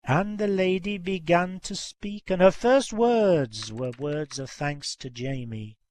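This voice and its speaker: A man reading a folk tale aloud in a measured, expressive way. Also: high voice. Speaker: storyteller.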